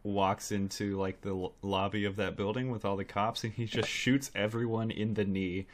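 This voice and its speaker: Low-voiced, laid-back male podcast co-host. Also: little pitch movement, normal speed. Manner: laid-back, wry, chuckling. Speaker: podcast co-host reviewing films. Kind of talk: casual chat.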